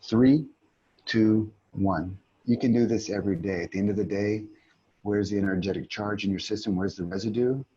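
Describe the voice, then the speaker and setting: A middle-aged man, an aikido teacher, calmly guiding a community call through a reflective exercise, often restarting his sentences. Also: on the low side, normal speed, breathy edge, muffled recording. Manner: calm, reflective, many restarts. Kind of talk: guided teaching talk. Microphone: video call.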